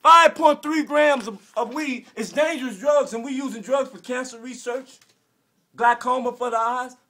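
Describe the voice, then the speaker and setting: A man in his forties from Arkansas with a Southern American accent, delivering an emotional, preachy rant that repeats phrases and bursts into shouts. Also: very high-pitched, normal speed. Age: 40s. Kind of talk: impassioned direct-to-camera rant.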